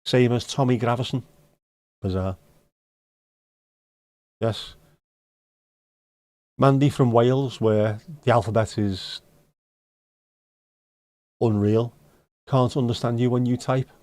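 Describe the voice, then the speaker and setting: A man with a Scouse accent chats to his livestream viewers, answering their comments in blunt, sweary banter laced with dry jokes. His voice sits at an ordinary middle pitch, recorded close and dry with no room sound. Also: steady tone, takes it slowly, long pauses, darkish tone, no room sound. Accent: Liverpool (Scouse). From Liverpool, England. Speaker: livestream host. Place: home livestream setup.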